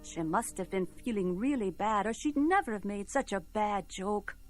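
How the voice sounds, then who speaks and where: A woman's voice: medium pitch, lively intonation, moderate pace, darkish tone, faint music behind. A woman telling a folk tale in a playful, rhythmic, musical way. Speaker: storyteller.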